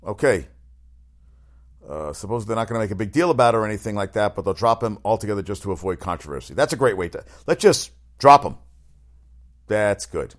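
Deep-voiced man ranting casually. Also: expressive, fast talker. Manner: blunt, profane, opinionated rambling with restarts. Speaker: show host. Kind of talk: casual chat.

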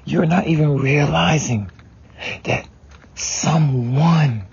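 A man's voice: a little high, takes it slowly, creaky, husky. A man giving a raw, profane personal monologue about family, often sinking into a whisper. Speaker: speaker venting about family. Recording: dull lo-fi sound with background noise.

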